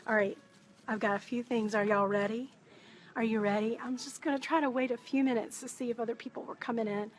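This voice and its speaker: A woman, live-streaming a shopping haul from a busy craft store and talking softly so she does not disturb other shoppers. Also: a little high, fairly even intonation, brisk, a little hiss or hum. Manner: hushed, chatty, greets viewers by name. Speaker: wreath maker and business coach.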